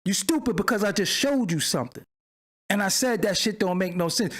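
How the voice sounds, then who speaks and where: He speaks fairly quickly in a high-sitting voice with lively intonation. The man is a channel host delivering a livestream commentary rant, confrontational, profane and mocking as he argues with chat viewers.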